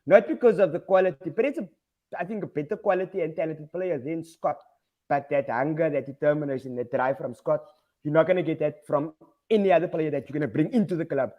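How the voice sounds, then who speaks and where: Emphatic high-voiced man arguing football. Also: a little fast, highs cut off. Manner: emphatic, blunt, swears. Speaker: panelist, Manchester United supporter. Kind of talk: casual football chat.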